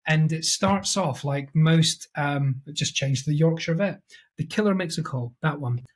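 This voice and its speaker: A man co-hosting a casual podcast, talking in a loose, rambling way. His voice sits somewhat high and sounds husky. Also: a little slow. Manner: rambling, acts out quoted voices. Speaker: podcast co-host. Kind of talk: casual chat.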